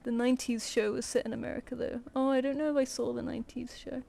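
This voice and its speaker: A woman's voice: a little high, little pitch movement, fast, gravelly, dark tone, faint music behind. A woman chatting casually with viewers while she draws on a live stream, rambling and laughing easily. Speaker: streaming artist. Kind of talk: casual chat while drawing.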